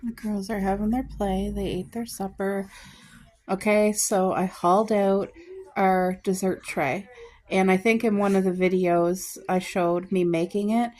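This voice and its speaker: A woman's voice: mid-range voice, steady tone, unhurried, a little mellow. A middle-aged woman from Canada chatting casually through a home vlog, homey and talkative, with little apologetic asides. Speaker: vlogger.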